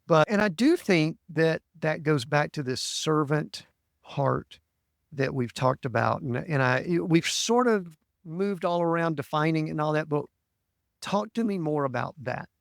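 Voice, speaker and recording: A podcast host with a gravelly, creaky voice asks his guest thoughtful questions at an unhurried pace. His tone is measured and reflective. The recording is dry and close. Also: a little high, expressive, no echo. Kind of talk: interview questions.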